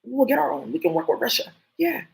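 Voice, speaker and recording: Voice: high voice, fast talker, vocal fry, poor audio. A vlogger talking in a casual, rambling, conspiratorial monologue full of fillers.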